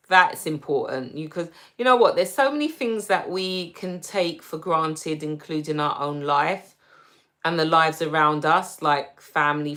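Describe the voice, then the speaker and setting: A woman with a London accent chats on her livestream, reading out viewers' comments and answering each one. She talks slowly and calmly, in a gentle, reassuring way, and her voice sits a little low. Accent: London English. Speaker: livestream host.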